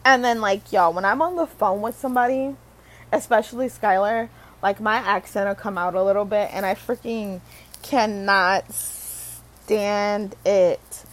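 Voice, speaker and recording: A young woman vlogger from Michigan, USA, rambles casually to camera, full of fillers and self-corrections, swearing and laughing at herself. Her voice is medium-pitched at a normal speed, and the recording is rough.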